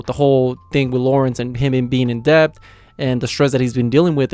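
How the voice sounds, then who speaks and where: A young man talks through an episode recap in a loose, rambling way, padding his sentences with filler words and little chuckles. His voice is smooth and clean but stays fairly flat in pitch. The sound is dry and close, with no room echo. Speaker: anime reaction channel host. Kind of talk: casual episode recap and review.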